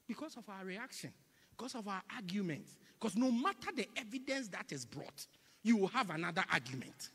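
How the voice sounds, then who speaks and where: A male preacher delivering a sermon in a church, swinging between loud emphatic cries and hushed whispers and repeating phrases in a call-and-response rhythm. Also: high-pitched, big pitch swings, a little fast, slightly rough, long reverb tail. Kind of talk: sermon with congregational prayer.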